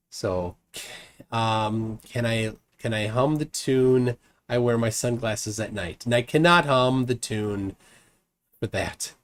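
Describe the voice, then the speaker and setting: A married man hosting a live stream, chatting casually and reading out viewers' comments, with many restarts and fillers. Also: mid-range voice. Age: adult, married. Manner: rambling with frequent restarts and fillers.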